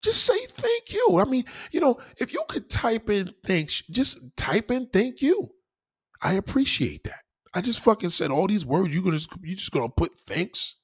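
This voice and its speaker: A man on his own channel, giving casual advice in an animated, preachy way, swearing freely. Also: sits high, normal speed, husky. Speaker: YouTuber.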